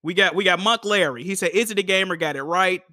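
A man's voice: high-pitched, fast, bright, forceful tone. A man co-hosting a casual podcast, laughing often as he reads viewer comments aloud. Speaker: podcast co-host reading chat. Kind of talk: casual chat.

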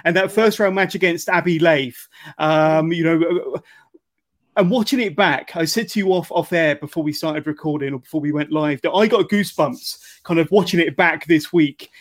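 A man hosting an interview, asking questions in a measured, halting way. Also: a little high. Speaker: interview host. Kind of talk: conversational interview.

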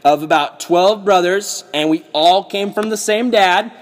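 A man's voice: sits high, measured pace. A man doing guilty, nervous brothers. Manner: hesitant, stammering.

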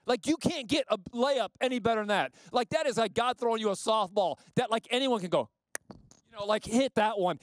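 Guy preaching a sermon, high voice, chatty and animated, dry close sound. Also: no room sound. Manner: conversational, animated preaching with asides. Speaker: pastor.

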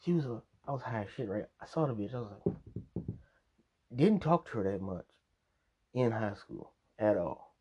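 Animated, profane man telling stories. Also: on the low side, moderate pace, pauses often, slightly rough, muffled recording. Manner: profane, laughing often, animated storytelling with acted quotes. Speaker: podcast host. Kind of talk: casual storytelling.

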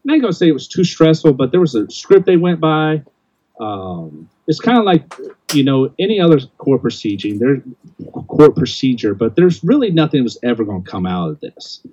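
A man's voice: mid-range voice, sing-song, moderate pace, warm tone, husky, highs cut off. An older man hosting a casual podcast chat, blunt and rambling, often restarting his sentences. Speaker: podcast host.

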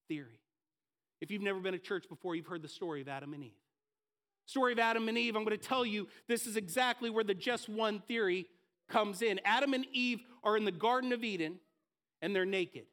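A man preaching a sermon in a conversational, energetic way, acting out the voices in the stories he tells. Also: sits high, a little fast.

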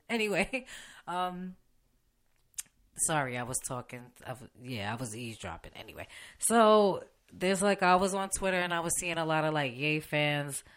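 A woman's voice: low-pitched, animated, moderate pace, fairly bright tone. A young woman hosting a podcast, ranting bluntly and casually with lots of swearing and laughs mid-sentence, recorded in a radio station studio. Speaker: podcast host. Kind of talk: unedited casual rant.

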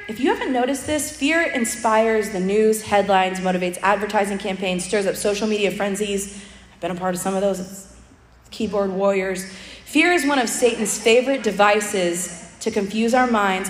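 A woman's voice: mid-range voice, moderate pace. A young woman giving a humorous, chatty sermon with personal stories and many asides. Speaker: speaker at a church event. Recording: echoey hall with long reverb.

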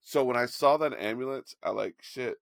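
A man co-hosting a podcast, chatting casually about politics and telling an animated story with frequent restarts. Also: mid-range voice, brisk, gravelly, no echo, clean studio sound. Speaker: podcast co-host.

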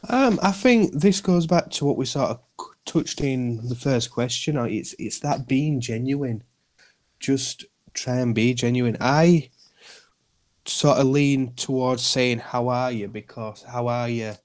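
A man's voice: medium pitch, slow, a little mellow. A man, a podcast guest speaking earnestly and reassuringly about looking after each other. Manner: earnest, reassuring, repeats himself. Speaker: guest, community group founder. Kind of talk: podcast interview.

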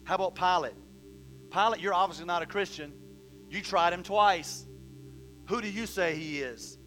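A man's voice: high voice, normal speed, fairly bright tone, faint music behind. A man pastor preaching a sermon, asking questions and reading scripture aloud. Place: church hall.

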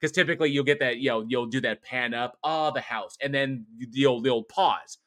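A man's voice: mid-range voice, moderate pace. A man co-hosting a podcast, chatting casually about a horror film, swearing often and restarting his sentences as he rambles. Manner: animated, profane, rambling with restarts. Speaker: podcast co-host.

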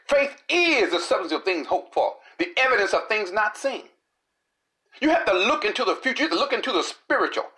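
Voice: mid-range voice, sharp tone. A preacher delivering a sermon in a rhythmic, repetitive style, building with dramatic rises and falls.

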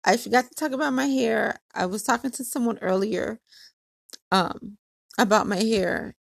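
A woman's voice: a little high, moderate pace, gravelly, no echo, clean studio sound. A woman hosting her own podcast, telling a casual story in a chatty way, laughing often and acting out what others said. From Hawaii. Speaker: podcast host.

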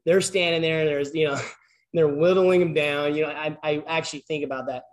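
A man's voice: a little high, fairly even intonation, a little fast. A man who works as a PE teacher, filling in as a church speaker and giving an informal, story-driven sermon in a rambling, conversational way full of restarts.

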